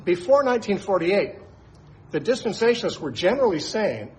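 A man's voice: high voice, sing-song, brisk, poor audio. A man who teaches the Bible on the radio, explaining scripture in an emphatic way and posing rhetorical questions to his listeners.

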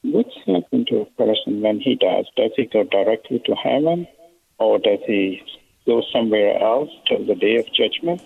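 A man from Texas calling in to a radio show from a library, asking plain questions quietly. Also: on the low side, expressive, normal speed. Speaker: caller. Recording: gravelly voice over a tinny phone line.

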